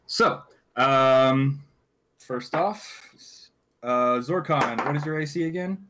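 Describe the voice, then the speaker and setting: A man narrating a tabletop game as game master, halting with frequent fillers and restarts. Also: mid-range voice, pushed and bright. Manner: halting, many fillers and restarts while recapping.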